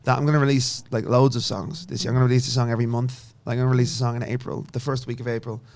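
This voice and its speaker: A young man with an Irish accent, chatting casually as a singer-songwriter guest in an interview, often trailing off softly. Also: medium pitch, flat delivery, rapid-fire. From Ireland.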